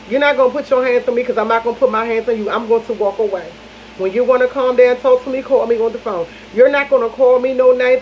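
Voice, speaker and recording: A woman's voice: fairly high pitch, dull audio, a little hiss or hum. A young woman vlogger, chatting casually to viewers in long repetitive run-on bursts.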